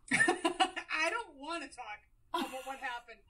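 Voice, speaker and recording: Woman, 30s, co-host, high and bright, blunt wisecracking with casual swearing. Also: expressive, takes it slowly, recorded from a distance. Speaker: podcast co-host. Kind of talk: casual chat.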